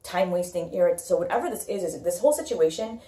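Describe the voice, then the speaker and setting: A woman's voice: on the low side, animated, fast, mellow. Blunt woman tarot reader, echoey room. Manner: blunt, repetitive, thinks aloud with many fillers. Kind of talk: casual tarot reading monologue.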